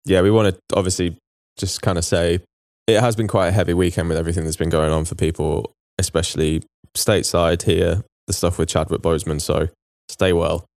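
A man's voice: sits low, fairly even intonation, a little fast, creaky, few pauses, a little mellow, dry recording. A man co-hosting a casual football podcast, chatting and reading out listener emails. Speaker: podcast co-host. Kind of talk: casual chat.

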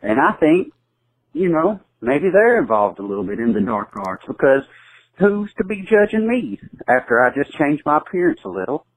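A man's voice: a little high, sing-song, normal speed, no echo, poor audio. A man in his twenties from southern Kentucky with a Southern US accent, calling in to a podcast and asking an earnest question with some hesitation. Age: 20s. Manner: hesitant, earnest, lots of fillers. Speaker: caller.

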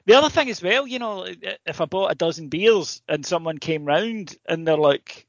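A man's voice: sits high, lively intonation, normal speed, few pauses, no echo. A man co-hosting a casual comedy podcast, telling stories animatedly and swearing freely. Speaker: podcast co-host. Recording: dull lo-fi sound, dry.

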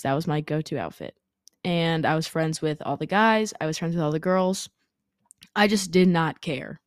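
A young adult woman with a low-pitched voice hosts a casual solo podcast, recorded at studio quality with no room sound. She chats candidly, says "like" a lot, and swears casually. She sounds congested, as if fighting off a sickness.

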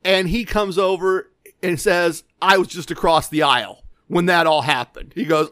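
Male storyteller, high voice, dry close mic, wry self-deprecating anecdote delivery. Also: normal speed, a bit bright, dry recording. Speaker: gambling storyteller. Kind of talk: casual spoken anecdote from bullet points.

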